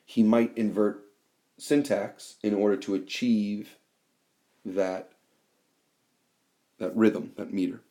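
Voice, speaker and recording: A man teaching a class in a screencast, explaining slowly with fillers and reading quoted lines aloud. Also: fairly low pitch, steady tone, dark tone. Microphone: tablet microphone.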